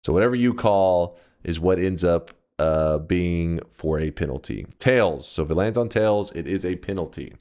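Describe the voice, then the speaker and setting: A man live-streaming a game, chatting casually with his viewers, swearing freely and flaring up in high-pitched indignant outbursts. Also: moderate pace, few pauses, a little mellow. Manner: argues and banters with chat.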